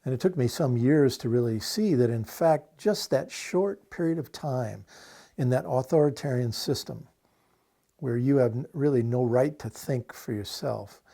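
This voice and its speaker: Earnest older American activist, mellow voice. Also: male voice, mid-range voice, moderate pace, vocal fry. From United States. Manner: earnest and impassioned, with frequent fillers and restarts. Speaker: activist being interviewed. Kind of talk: reflective interview answer.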